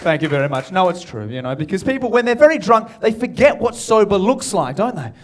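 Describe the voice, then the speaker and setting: Young aussie guy doing crowd work on a club stage, kinda high voice, cheeky and sweary. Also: big pitch swings, brisk. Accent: Australian. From Australia. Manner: cheeky, profane banter with the crowd. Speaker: stand-up comedian and MC. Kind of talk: stand-up comedy crowd work.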